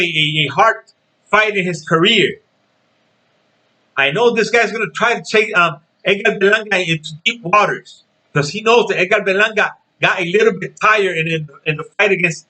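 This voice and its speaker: A man's voice: high voice, pushed and bright, rough recording. A man hosting his own boxing vlog in a casual, emphatic way, repeating his points and often checking in with "okay?". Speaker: boxing channel host.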